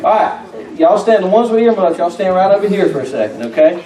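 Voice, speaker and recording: A man's voice: high voice, big pitch swings, quick pace, a crowd in the background. A man leading a children's church lesson, patient and coaxing, full of questions to the kids. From Georgia, US. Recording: echoey room from far off, kids chattering.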